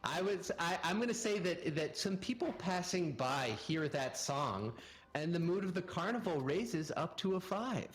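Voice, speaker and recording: A man narrating as game master of a tabletop game, with lively, playful narration. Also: a little high, moderate pace.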